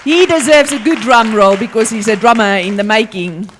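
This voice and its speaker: A woman's voice: fairly high pitch, moderate pace, some chatter behind, a little hiss or hum. A woman with a South African accent leading a school assembly, talking energetically and playfully as she calls out to pupils.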